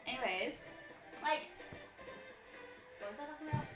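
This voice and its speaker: A woman's voice: high-pitched, lively intonation, moderate pace, fairly bright tone, reverberant, faint music behind. A woman with a Southern US accent who hosts a stream, rambling in casual chat. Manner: rambling, lots of "like" fillers.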